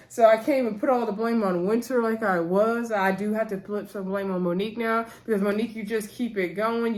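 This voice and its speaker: A woman recapping a reality TV episode in a casual, opinionated chat, talking straight to her viewers in slangy speech. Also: medium pitch.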